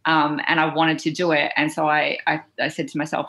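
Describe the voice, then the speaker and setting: An Australian woman, a writer and panel guest, telling a lively story on a video call and acting out the people she quotes. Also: on the low side, brisk, few pauses. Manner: lively storytelling, animated quoting. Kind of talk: casual panel conversation.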